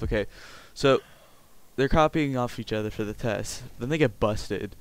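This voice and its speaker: A man's voice: mid-range voice, a little slow. A sixteen-year-old boy from Canada, rambling crudely and jokingly through casual gameplay commentary. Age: teens. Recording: game gunfire noise behind voice.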